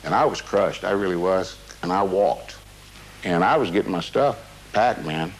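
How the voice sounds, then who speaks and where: A low-pitched man speaking at normal speed recounts a personal memory in an interview, heard on a rough recording. His telling is loose and casual, full of fillers and false starts, and he keeps saying "man."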